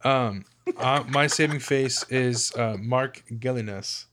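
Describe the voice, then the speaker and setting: A man's voice: medium pitch, slow, fairly bright tone, a little hiss or hum. Laid-back man with crude humor. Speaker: podcast co-host. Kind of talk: casual film discussion.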